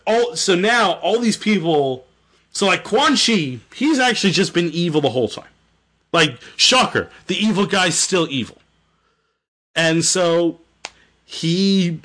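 A man's voice: on the high side, a bit bright. A young man casually retelling a story, rambling, swearing and correcting himself. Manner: rambling, profane, self-correcting. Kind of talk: casual chat.

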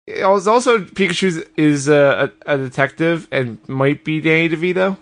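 A man's voice: fairly high pitch, normal speed. A man co-hosting a comedy podcast, trading dry, teasing quips. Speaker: podcast co-host.

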